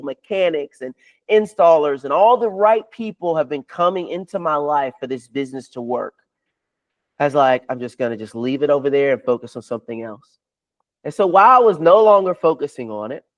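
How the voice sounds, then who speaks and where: A man, a podcast guest, telling a long story with excitement and acting out other people's lines as he goes. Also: a little high, muffled recording. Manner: swears freely. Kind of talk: animated storytelling.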